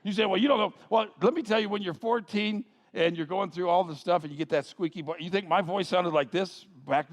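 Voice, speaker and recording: A male pastor preaching a sermon with animated, playful asides. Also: high voice, brisk, hardly any pauses. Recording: long reverb of a large hall.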